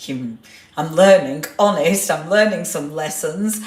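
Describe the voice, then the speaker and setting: This craft livestream host speaks in a deep voice, a little on the slow side. Chatty and quick to laugh, she welcomes viewers by name and reads out what they comment. The sound comes through a clip-on microphone in an echoey room.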